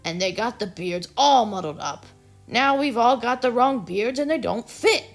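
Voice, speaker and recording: A woman's voice: a little high, animated, moderate pace, soft background music, pitched above the performer's own voice. A woman voicing a grumpy male forest troll who growls and grunts fiercely in a storybook reading. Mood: angry.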